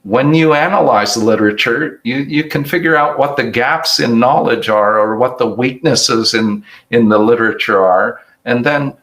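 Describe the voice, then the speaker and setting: An older man giving an award lecture with slides, reflective and halting, often restarting his sentences. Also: mid-range voice, a bit bright, low-quality recording.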